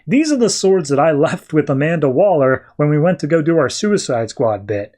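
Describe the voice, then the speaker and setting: A man voicing a ruthless male mercenary in a low, curt, dismissive way. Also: very animated, moderate pace, darkish tone. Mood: gruff.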